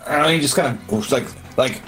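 A man's voice: medium pitch, moderate pace, a bit bright, faint music behind. A man playing a tabletop game, rambling through his turn with many fillers and restarts. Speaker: player. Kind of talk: casual narration of a tabletop game.

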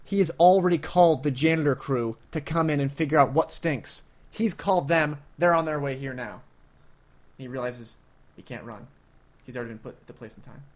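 A man's voice: medium pitch, brisk. A man playing an improvised storytelling game, narrating scene cuts like a film director. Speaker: player.

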